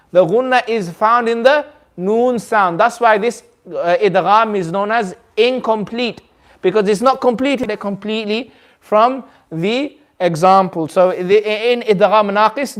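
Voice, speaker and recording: In a community centre, a man teaches a Quran recitation class, patiently quizzing students and modelling the sounds aloud. His voice is high with a fairly bright tone.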